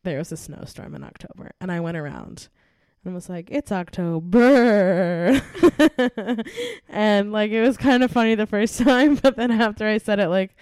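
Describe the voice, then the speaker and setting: Her medium-pitched voice is brisk, very animated, smooth and a bit dark, captured in clean studio sound with no echo. A young woman co-hosting a true crime podcast, she giggles and chats with a friend, then narrates a murder case from her notes, laughing often.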